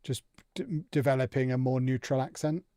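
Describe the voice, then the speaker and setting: An English man chatting casually on a live stream while he plays a game, thinking out loud and reacting to it. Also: medium pitch, normal speed, dry recording, studio quality.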